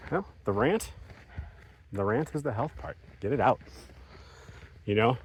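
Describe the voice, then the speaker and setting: A man co-hosting a vlog, speaking in a measured, hesitant way with many fillers, outdoors. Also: mid-range voice, lively intonation, husky. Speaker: vlog co-host. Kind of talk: casual chat.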